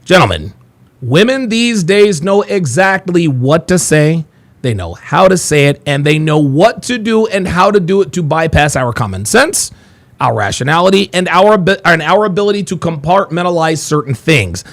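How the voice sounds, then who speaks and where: A man's voice: fairly high pitch, moderate pace. A man hosting a live stream, addressing his male audience in an emphatic monologue. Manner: animated, emphatic delivery to an audience. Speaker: host.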